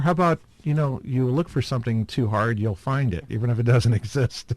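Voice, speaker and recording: A man in a mid-pitched voice hosts a podcast in casual chat. He rambles and hesitates with lots of fillers and small chuckles. The sound is dry and close, with little room around it. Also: fairly even intonation, moderate pace, a little mellow, dry recording. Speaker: podcast host.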